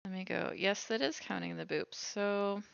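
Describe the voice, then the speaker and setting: A woman's voice: mid-range voice, moderate pace, gravelly, fairly bright tone, clear, resonant tone, dry recording, lo-fi sound. A woman streaming while she bakes, chatting casually and thinking aloud as she cooks. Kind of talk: casual livestream chat while baking.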